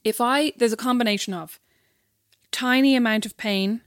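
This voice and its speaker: A young Irish woman co-hosting a podcast, telling anecdotes in an animated, teasing way. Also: fairly high pitch, normal speed, no echo, studio quality. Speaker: podcast co-host. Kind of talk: casual chat, storytelling.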